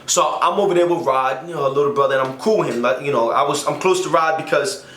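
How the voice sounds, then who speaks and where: A young man with a fairly high voice tells a casual storytime, slangy and animated, jumping into quoted lines as he goes. He sounds like he is in an echoey room, with a faint hiss behind him. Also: quick pace. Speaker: co-host telling a story.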